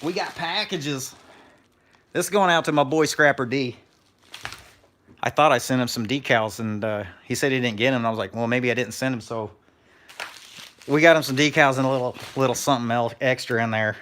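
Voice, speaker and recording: A man's voice: medium pitch, fairly quick, pauses often, a bit bright, a little hiss or hum. Laid-back man telling scrapping stories. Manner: laid-back storyteller, reads chat aloud. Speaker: scrapper streamer. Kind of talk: casual live-stream chat.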